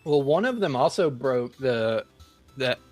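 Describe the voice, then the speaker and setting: A man's voice: medium pitch, lively intonation, measured pace, a little mellow, no room sound, faint music behind. Joking man hosting a podcast quiz. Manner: joking, teasing. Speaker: quiz host. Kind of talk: casual podcast quiz banter.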